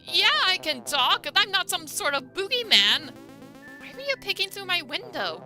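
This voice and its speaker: A woman putting on a squeaky little male moth cryptid from an indie horror game, scruffy and cheeky, teasing in a high, brash voice. Music plays steadily behind him. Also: big pitch swings, moderate pace, pushed and bright, heavily acted. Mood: indignant.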